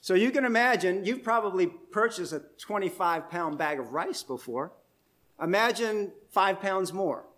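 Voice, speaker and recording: A male pastor delivers an expository sermon in a high, animated, slightly bright voice at a moderate pace. He explains things step by step, conversationally, and puts questions to his listeners.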